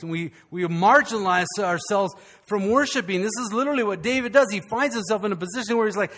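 High-voiced pastor preaching. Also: male voice, fast, few pauses, big-room sound. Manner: lively, joking asides to the congregation. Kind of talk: sermon. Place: church sanctuary.

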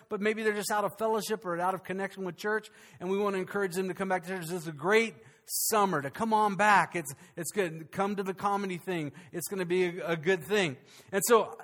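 A pastor preaching with a high, light voice. He talks in an animated, conversational way, often stopping and restarting his sentences with fillers. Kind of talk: sermon.

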